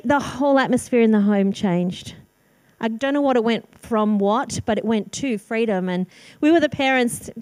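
Higher-voiced woman telling a sermon testimony. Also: dry recording. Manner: candid storytelling with self-deprecating laughs. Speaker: speaker sharing testimony.

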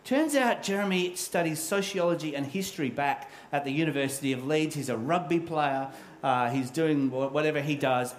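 A man's voice: on the high side, normal speed, few pauses, roomy sound, poor audio. A middle-aged man preaching a sermon as a pastor, telling a personal story in a candid, self-deprecating way.

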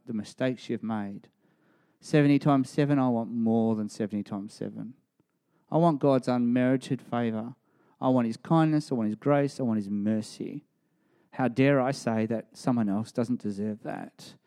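Brief: a male preacher in mid-sermon, emphatic and lively. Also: mid-range voice. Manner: emphatic, rising to animated storytelling.

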